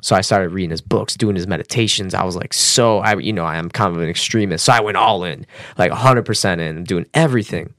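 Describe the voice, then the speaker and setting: A man telling a personal story as a podcast guest, casual and animated, swearing and using fillers. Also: quick pace, no echo, clean studio sound. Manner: animated, acts out quotes with raised pitch.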